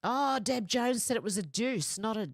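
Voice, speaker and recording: A woman's voice: fairly high pitch, lively intonation, normal speed, vocal fry, no echo, clean studio sound. A woman hosting a livestream in casual chat, reading viewer comments aloud and answering them, often laughing. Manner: reads comments aloud and chats back, often breaking into laughter.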